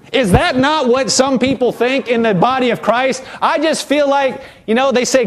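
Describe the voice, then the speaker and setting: A man preaching a sermon as pastor, lively and animated, acting out quotes from the people he talks about. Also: very high voice, a little fast, hardly any pauses.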